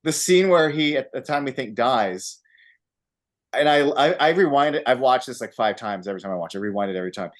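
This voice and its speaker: A man on a casual podcast, talking about a movie with animated energy and frequent swearing. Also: medium pitch, brisk. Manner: animated, acts out scenes with put-on voices and laughter; swears freely. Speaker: podcast co-host.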